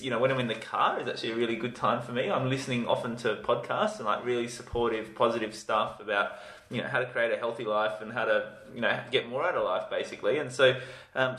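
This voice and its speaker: Man co-host, rapid enthusiastic chat, echoey room. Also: mid-range voice, a bit bright. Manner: enthusiastic, uses lots of "like" and "you know". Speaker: podcast co-host. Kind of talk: casual chat. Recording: roomy echo.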